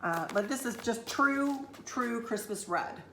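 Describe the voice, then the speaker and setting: A middle-aged woman with a drawl chats with her viewers, rambling from one thought to the next. Her voice sits a little high and sounds bright and forceful. She is talking at home. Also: animated, unhurried, a little hiss or hum. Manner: chatty, rambling, addresses viewers as y'all. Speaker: vlogger. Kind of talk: casual chat.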